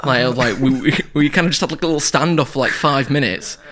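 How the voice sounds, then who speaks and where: A man's voice: mid-range voice, quick pace, a bit bright, a little hiss or hum. A man co-hosting a podcast, casually telling work stories and acting out what customers said. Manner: anecdotal, acts out customers in quoted voices. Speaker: podcast co-host. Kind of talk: casual chat.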